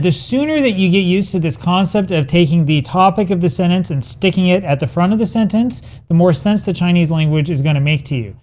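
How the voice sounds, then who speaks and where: A man's voice: high-pitched, a little mellow. A man teaching a language lesson, patiently explaining grammar and reading example sentences aloud.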